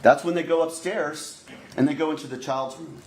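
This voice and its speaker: A man's voice: on the high side, fairly even intonation, vocal fry. Man giving an opening statement in an echoey courtroom. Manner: deliberate, repeatedly addressing the jury directly. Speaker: prosecutor. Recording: echoey courtroom recording, faint noise.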